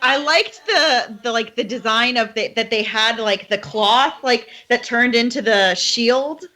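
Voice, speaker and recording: A woman's voice: fairly high pitch, unhurried, pushed and bright. A woman chatting casually on a podcast, enthusiastic and talking with lots of "like" fillers. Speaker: podcast guest. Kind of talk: casual chat.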